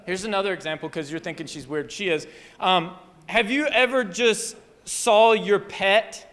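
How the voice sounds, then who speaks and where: High-voiced rambling male preacher. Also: moderate pace, long reverb tail. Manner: rambling, animated, self-interrupting. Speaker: pastor. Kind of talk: storytelling sermon. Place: church hall.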